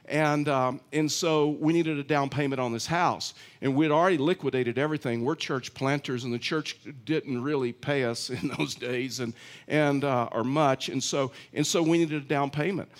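Speaking at a moderate pace in a slightly high voice, a middle-aged male pastor gives a sermon that feels like a conversation. His storytelling is chatty and full of frequent restarts.

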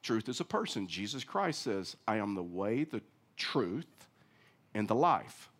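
A man preaching a sermon, swinging from emphatic, loud stretches with acted-out quotes down to low, quiet ones. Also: sing-song, unhurried. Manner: rising to emphatic, acting out quoted voices, then dropping low and quiet. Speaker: pastor.

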